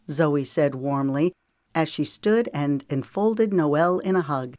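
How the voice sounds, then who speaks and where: A woman narrating a romance audiobook in a calm, measured way. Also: low-pitched, dry recording, clean studio sound. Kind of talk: scripted narration.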